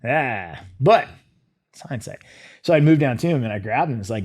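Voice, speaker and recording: A middle-aged man, a former soldier, telling his story as an interview guest in a lively way, acting out his own thoughts. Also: mid-range voice, moderate pace. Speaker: guest, former Green Beret.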